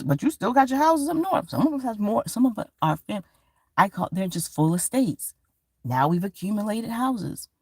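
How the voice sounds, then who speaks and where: A woman, from Georgia, holds forth in a loose, profane vlog monologue. Her pitch jumps around in a lively way as she rambles from point to point. The sound is close and dry, with no room echo. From Georgia, USA. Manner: animated, profane, rambling storytelling. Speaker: vlogger. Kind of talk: casual monologue to camera.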